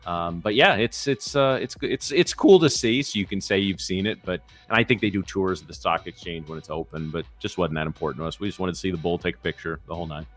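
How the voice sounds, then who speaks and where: A man's voice: sits low, soft background music. A man hosting a live trading show, chatting casually and talking through market scenarios in a rambling way. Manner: rapid, rambling, lots of restarts and fillers. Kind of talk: casual chat and market talk.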